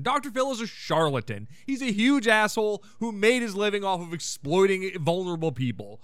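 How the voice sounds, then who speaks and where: A man's voice: sits high, big pitch swings, moderate pace, hardly any pauses, pushed and bright, no room sound. A man hosting a podcast, giving a casual, irreverent recap of a sitcom episode with sarcastic asides and rants. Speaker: podcast host.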